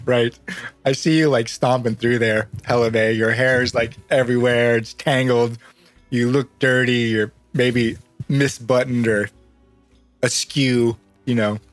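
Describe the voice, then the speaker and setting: A man's voice: medium pitch, steady tone, slow pace, long pauses, no room sound. A man runs a tabletop game as game master, narrating loosely with frequent laughter. His voice sits mid-range, with faint music behind him.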